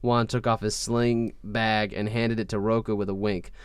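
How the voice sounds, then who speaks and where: A man reads fan fiction aloud for laughs, hamming up the dialogue with mock-dramatic flair. His voice is smooth and resonant, pitched in a middle register, and sits close and dry on the mic. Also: flat delivery, moderate pace, dry recording. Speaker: podcast host reading fan fiction aloud. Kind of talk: comedic dramatic reading.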